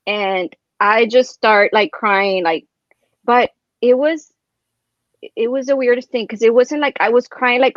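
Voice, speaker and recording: A woman telling a personal story in casual chat as a guest, rambling and animated, filling her speech with "like" and "right?". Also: fairly high pitch, unhurried, no echo, highs cut off.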